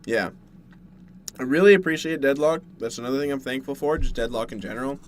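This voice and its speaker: Working through a plate of food in his dim bedroom, a young man from Canada chats loosely and at length with his stream audience. He talks briskly at a medium pitch, and there's a little hiss or hum behind him.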